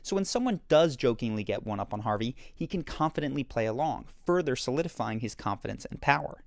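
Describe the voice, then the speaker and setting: A man narrating a scripted video essay that explains confident behavior, in a measured, explanatory way. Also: mid-range voice, lively intonation, creaky, dry recording, studio quality. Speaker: commentator analyzing a TV character.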